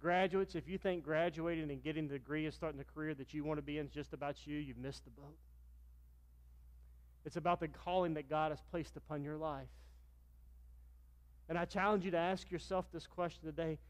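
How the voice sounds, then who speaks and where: A middle-aged pastor from Virginia in the US preaches a sermon through stories, raising his voice to act out the dialogue in them. His voice is on the high side and brisk, with fairly even intonation.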